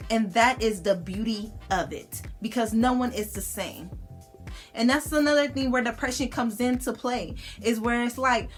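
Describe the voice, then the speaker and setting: A woman's voice: fairly high pitch, normal speed, faint music behind. A young woman vlogger, talking casually and bluntly to camera, slangy and cussing freely. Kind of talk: casual motivational talk to camera.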